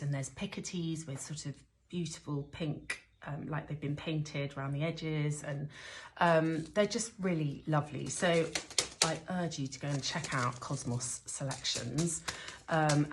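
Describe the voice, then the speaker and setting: Low-voiced woman chatting through a gardening demo. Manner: chatty, rambling, frequent ums and restarts. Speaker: gardener demonstrating seed sowing. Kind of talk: casual how-to chat. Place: indoors, sheltering from a rainstorm.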